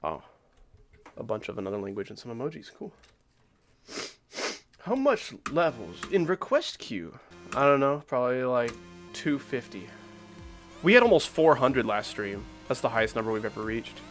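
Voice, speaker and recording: A man's voice: medium pitch, sing-song, moderate pace, pauses often, fairly bright tone, faint music behind. A man in his thirties streaming a game from home, chatting loosely with viewers and answering chat between plays, full of filler words. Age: 30s. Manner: rambling, many "like" fillers, reacts to chat mid-play. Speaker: streamer playing requested game levels.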